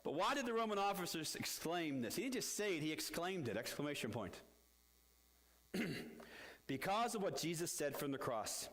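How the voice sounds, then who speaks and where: A middle-aged man preaching as pastor, telling a story with sudden loud outbursts and quiet low asides. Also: big pitch swings, normal speed. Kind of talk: storytelling sermon. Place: church. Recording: echoey church hall.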